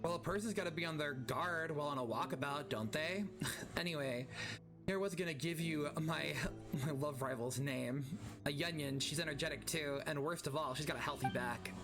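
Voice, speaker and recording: A man's voice: fairly high pitch, normal speed, music in the background, natural voice. A man reading the lines of a sly, folksy middle-aged woman wanderer with a bad back, in a drawling, teasing way.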